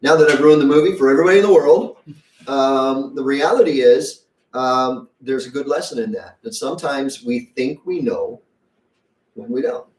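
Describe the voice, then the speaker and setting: A man's voice: mid-range voice, moderate pace, roomy sound, far from the mic. A man preaching a sermon as pastor, conversational and folksy, acting out quotes as he goes. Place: church sanctuary.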